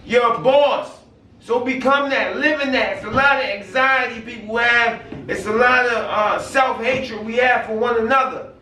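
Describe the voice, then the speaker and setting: A man with a very high, bright voice talks with motivational urgency, stopping often to ask "you know what I mean". He sounds set back from the microphone in an echoey room. A faint hiss runs underneath. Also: fairly even intonation, moderate pace. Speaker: guest sharing life story. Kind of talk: casual conversation. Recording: roomy sound from a distant mic with faint noise.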